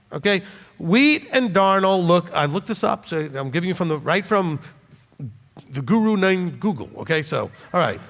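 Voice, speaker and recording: A rabbi teaching scripture delivers an informal sermon in a high-pitched, fairly bright voice. He's blunt and conversational, joking as he goes and often checking in with "okay?" A long reverb tail trails his words.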